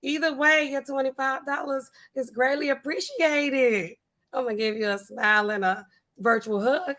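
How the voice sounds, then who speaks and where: A woman hosting a casual live stream, chatting loosely and reading out viewer comments in animated, slangy speech. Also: high voice, normal speed. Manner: chatty, animated, African American Vernacular English (AAVE) style phrasing.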